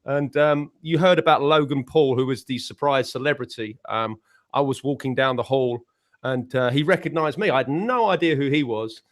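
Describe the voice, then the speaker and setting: A man's voice: mid-range voice, moderate pace. A man from the United Kingdom with an English accent, telling long rambling stories in a casual panel chat, often restarting his sentences. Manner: rambling storytelling with many restarts. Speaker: panel guest, musician.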